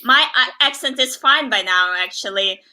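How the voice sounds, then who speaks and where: Brief: bright, fairly high-voiced woman with a Russian accent, non-native English, stops to hunt for words. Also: expressive, normal speed. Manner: searches for English words, apologetic. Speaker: guest illustrator. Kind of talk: casual video-call chat.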